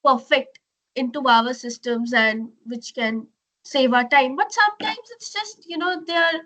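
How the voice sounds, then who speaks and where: A woman's voice: high voice, a little slow, bright, forceful tone. A woman moderating a webinar over a video call, asking questions with many fillers. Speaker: webinar host.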